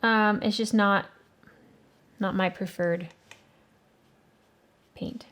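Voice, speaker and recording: A woman's voice: mid-range voice, steady tone, very slow, fairly bright tone. A woman hosting an art channel, casually reviewing watercolor paints and thinking aloud with hesitant fillers. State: has the hiccups.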